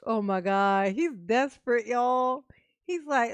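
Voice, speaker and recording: A woman's voice: a little high, slow pace, clean tone, no room sound. A woman streamer chatting casually and laughing often as she reacts live and talks to her viewers. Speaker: streamer reacting to a court livestream.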